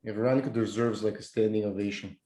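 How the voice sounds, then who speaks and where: A man with a mellow, dark tone chats in a joking, stammering way about an app project. The sound is roomy and echoey, as if recorded in an open room. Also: fairly low pitch, fairly even intonation, quick pace. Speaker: app co-founder. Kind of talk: casual work chat.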